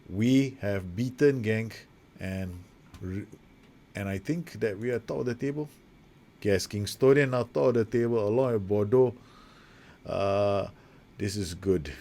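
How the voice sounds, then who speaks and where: Young guy doing let's-play commentary on a football sim, lowish voice, chatty, gets excited and corrects himself a lot. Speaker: gaming YouTuber commentating a football management game.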